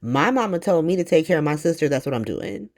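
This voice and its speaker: A woman's voice: deep voice, animated, fast talker, darkish tone. A woman doing a defiant teenage boy. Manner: insistent, defiant.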